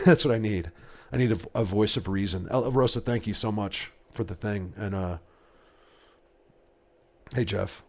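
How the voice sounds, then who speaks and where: A man's voice: lowish voice, unhurried, long pauses. A man in his forties chatting casually to his livestream viewers, rambling and emotional, often stammering and repeating words. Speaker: livestreamer and Bigfoot hunter.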